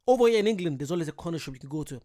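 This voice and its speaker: A man hosting a reaction video, chatting casually and getting excitable, repeating words when he is worked up. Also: a little high, very fast.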